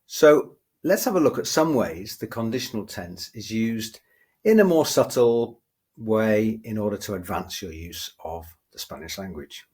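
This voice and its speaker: Husky-voiced man teaching grammar. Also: mid-range voice, a little mellow. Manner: measured, explanatory, slows down for examples. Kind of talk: online grammar lesson.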